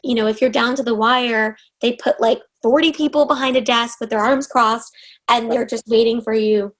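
With a fairly high pitch and fairly even intonation, a woman in her twenties from Los Angeles, USA, recounts a story to an interviewer at a moderate pace. She's an actress, earnest and effusive, often restarting her sentences, and the audio is poor.

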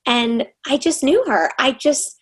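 A woman's voice: sits high, lively intonation, measured pace, slightly rough, low-quality recording. Young American woman, effusive storyteller. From Los Angeles, USA. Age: 20s. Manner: earnest, effusive, with frequent restarts. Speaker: actress, interview guest. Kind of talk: conversational interview storytelling.

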